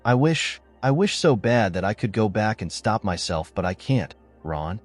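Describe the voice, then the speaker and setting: This is a remorseful wife begging her husband to hear her out, read aloud by a man with no attempt at a woman's voice. The delivery is low in pitch but moves up and down a lot. Soft music sits faintly behind the voice. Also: very animated, moderate pace. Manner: pleading, apologetic. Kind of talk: storytelling narration.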